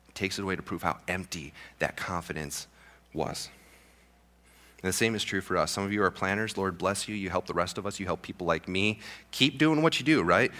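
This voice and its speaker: Young male pastor, low pitch and bright delivery, relaxed joking sermon style. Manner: casual, joking asides with many restarts.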